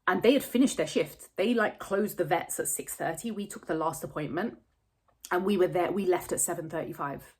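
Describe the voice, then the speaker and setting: A woman speaks to camera in a somewhat low, husky voice, close to tears. She tells a personal story candidly and at length, with frequent swearing. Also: normal speed. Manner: candid, rambling, swears freely. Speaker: vlogger.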